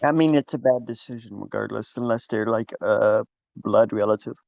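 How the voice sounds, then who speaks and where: A man's voice: on the low side, normal speed, creaky, darkish tone, dry recording, muffled recording. A young man as a guest on a film podcast, making dry, blunt remarks in casual chat.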